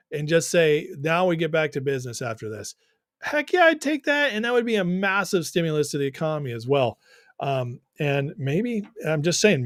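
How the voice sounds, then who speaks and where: A man's voice: on the high side, no room sound, studio quality. A young man hosting a political livestream, reading viewer comments and giving his opinions in a casual, conversational way.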